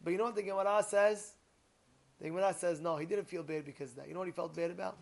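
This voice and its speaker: A man giving an animated sermon, telling stories and rising to near-shouts. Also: high-pitched, quick pace, gravelly. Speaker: rabbi teaching Torah.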